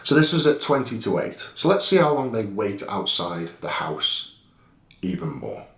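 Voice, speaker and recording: A man's voice: fairly low pitch, sing-song, normal speed, echoey room. A man telling a story over security footage in a blunt, heated way, swearing freely. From England. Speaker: guest recounting an incident.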